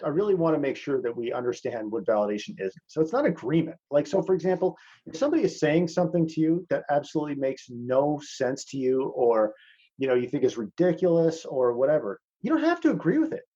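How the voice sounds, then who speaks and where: A man's voice: a little high, very animated, fast talker, dark tone, husky, highs cut off. A man teaching a masterclass in casual talk over a video call. He is blunt, swears freely and calls his listeners "man".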